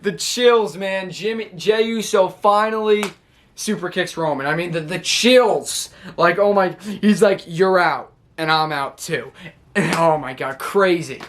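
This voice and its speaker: High-voiced man recapping excitedly. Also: unhurried, slight background noise. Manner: rambling, filler-heavy retelling, gets excited. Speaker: wrestling reaction vlogger. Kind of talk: casual recap to camera.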